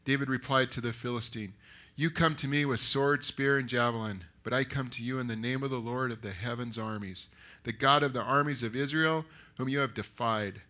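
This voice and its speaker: A man preaching a sermon that retells a story, lively and acting out the characters' lines. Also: medium pitch, fairly quick. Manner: animated, acts out the characters. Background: live audience.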